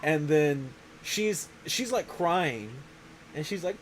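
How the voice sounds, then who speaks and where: A man's voice: a little high, expressive, a little slow, a bit bright, slight background noise, poor audio. A man hosting a show, talking in a casual, rambling way, often restarting his sentences. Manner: rambling, self-interrupting. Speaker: show host. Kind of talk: casual chat.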